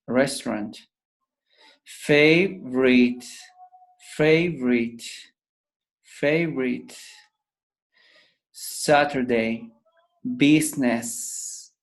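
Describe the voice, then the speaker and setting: Slow, patient male English teacher. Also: medium pitch. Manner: repeats each word slowly to drill pronunciation. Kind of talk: pronunciation lesson.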